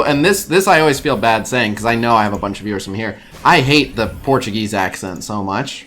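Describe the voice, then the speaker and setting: A man's voice: fairly low pitch, animated, brisk, hardly any pauses, a bit bright. A man streaming a mobile game, chatting casually in a blunt, joking way and swearing freely.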